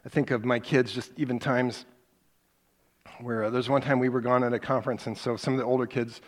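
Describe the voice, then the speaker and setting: Middle-aged male preacher, conversational sermon delivery, animated storyteller. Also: mid-range voice, fairly quick.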